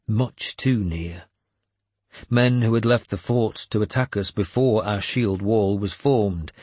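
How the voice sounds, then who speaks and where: A man reading a first-person story aloud as an audiobook narrator, in a measured, grave storytelling manner. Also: fairly low pitch, darkish tone, breathy edge, dry recording.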